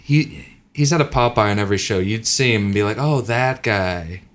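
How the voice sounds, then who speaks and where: Easygoing man with a low voice. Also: moderate pace. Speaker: podcast co-host. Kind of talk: casual chat.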